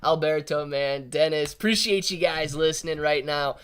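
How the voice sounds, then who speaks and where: A man's voice: fairly high pitch, normal speed, fairly bright tone, clear, resonant tone. A man hosting a casual live stream, reading out viewer chat and talking loosely with his audience. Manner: loose and chatty, calls viewers dude and man.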